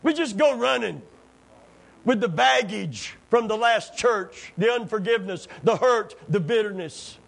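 A man preaching a sermon, telling stories and jokes, swinging between hushed moments and near-shouting fervor. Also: high voice, expressive, unhurried, vocal fry, low-quality recording. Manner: impassioned, rising to near-shouts, folksy storytelling with jokes.

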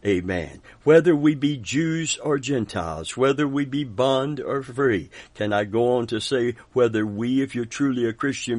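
A man preaching a sermon as pastor, fervent, with frequent amens and soft chuckles. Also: medium pitch, no echo.

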